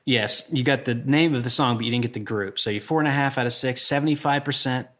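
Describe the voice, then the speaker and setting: A man's voice: mid-range voice, fairly bright tone. Upbeat man co-hosting a movie podcast. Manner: upbeat, runs the segments, quick to laugh. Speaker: podcast co-host. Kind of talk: casual chat.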